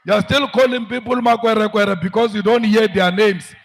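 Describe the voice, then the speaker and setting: A man with a South African accent giving a forceful political rally speech, repeating lines for emphasis. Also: sits high, fairly even intonation, moderate pace, gravelly. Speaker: opposition politician.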